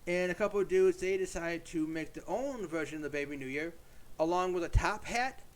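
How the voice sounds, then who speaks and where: A young man, a YouTube creator, speaks in a high voice at a fairly quick clip while chatting casually at home. He retells an old tale as a rambling monologue, full of fillers and restarts.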